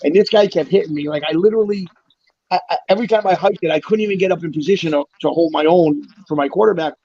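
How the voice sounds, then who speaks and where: A middle-aged man tells his stories at a rapid clip, swearing freely and punching up quoted lines. His voice sits a bit high. The recording is dry and dull, like a lo-fi podcast. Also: no echo. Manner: rambling storyteller, swears freely, acts out quotes loudly. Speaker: guest telling prison stories. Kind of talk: casual chat.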